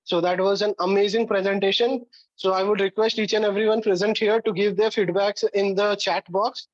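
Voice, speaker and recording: A man with an Indian English accent thanks the speaker and moves the online meeting along. His voice sits high and flat and he is a little halting. The call audio is muffled and dry. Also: dry recording. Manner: formal, many "uh" fillers. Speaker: meeting moderator.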